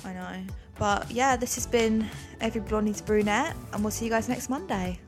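A woman's voice: fairly high pitch, moderate pace, music in the background. A young woman co-hosting a podcast in casual, giggly chat, full of "like". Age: young adult. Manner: chatty, giggly, lots of "like". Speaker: podcast co-host.

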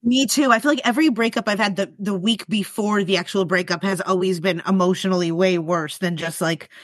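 A woman's voice: mid-range voice, brisk, dry recording, clean studio sound. A woman co-hosting a podcast in casual chat, agreeing often and sharing her own feelings. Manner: agreeable, frequent short affirmations.

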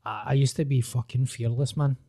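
A man's voice: mid-range voice, fairly even intonation, brisk, gravelly, warm tone, no echo, clean studio sound. A Scottish man in casual podcast chat, sweary and sympathetic as he talks about growing up.

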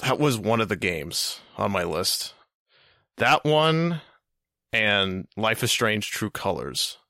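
Low-voiced opinionated male co-host. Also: sing-song, takes it slowly, pushed and bright, dry recording, clean studio sound. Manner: opinionated, contrarian. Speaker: podcast co-host. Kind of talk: casual game chat.

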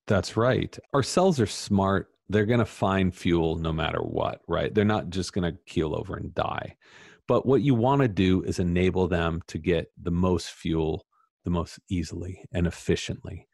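Low-voiced man, animated and emphatic. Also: normal speed, gravelly, no room sound, studio quality. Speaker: author guest. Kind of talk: casual interview chat.

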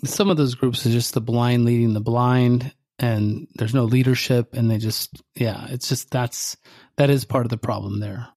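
A man's voice: mid-range voice, fairly even intonation, normal speed, darkish tone. A man co-hosting a podcast for contractors, talking casually and rambling with many fillers and restarts. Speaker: podcast co-host, contractor coach.

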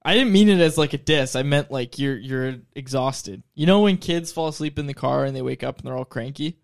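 A man's voice: mid-range voice, brisk, vocal fry, no echo, studio quality. A man co-hosting a casual sports podcast, teasing and joking with his partner. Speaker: podcast co-host.

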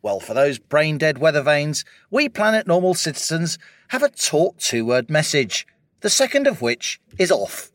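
A man's voice: on the high side, sing-song, moderate pace, dry recording, studio quality. A British man co-hosting a political podcast, delivering a wry, rhetorical opening and then chatting. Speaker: podcast co-host.

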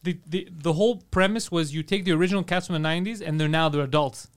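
Fast-talking brash young man. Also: fairly high pitch, clear, resonant tone. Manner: crude, rambling storyteller who acts out scenes. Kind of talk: casual comedic banter.

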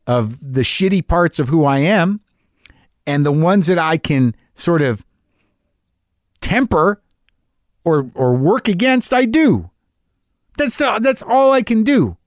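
A man in his fifties hosts a podcast from a studio mic in his home garage, delivering a rambling, candid, self-deprecating monologue full of swearing. His voice sits on the high side, and the recording is clean studio quality with no echo.

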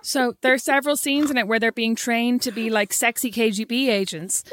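A woman's voice: on the high side, steady tone, fairly quick, fairly bright tone, slight background noise. A woman co-hosting a casual chat, teasing her friend and telling stories with lots of animation. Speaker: podcast co-host.

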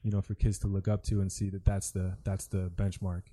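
Ex-pro man, sports chat, dark level voice, sincere. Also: low voice, completely flat delivery, brisk, slightly rough. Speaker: former basketball player, co-host. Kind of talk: casual sports talk.

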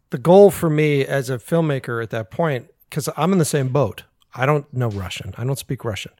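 Animated, swearing American man. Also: medium pitch, no room sound, studio quality. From United States. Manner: animated, swearing, laughs often. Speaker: filmmaker guest. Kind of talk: casual podcast chat.

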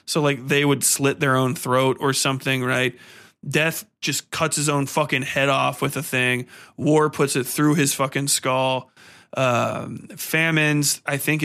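A man's voice: medium pitch, gravelly. A man hosting a podcast, giving a profane, rambling film review in casual chat, sometimes breaking into song. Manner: profane, rambling, animated storytelling with sung bits. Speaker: podcast host.

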